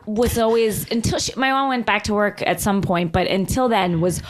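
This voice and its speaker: A woman in her thirties co-hosting a podcast in casual chat, animated and laughing often. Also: mid-range voice, moderate pace. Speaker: podcast co-host.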